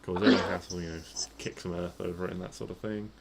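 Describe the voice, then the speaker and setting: A man running a tabletop game, speaking in a fairly low voice. He narrates the scene at an easy pace with plenty of fillers, and there is clear noise behind him. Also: quick pace. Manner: relaxed, rambling description with many fillers. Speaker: game master.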